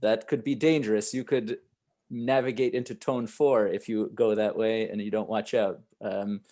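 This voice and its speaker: A man's voice: fairly low pitch, steady tone, moderate pace, warm tone. A man moderating an online chant workshop, thanking the speaker and inviting questions, briefly humming a melody line. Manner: hums short melody to illustrate.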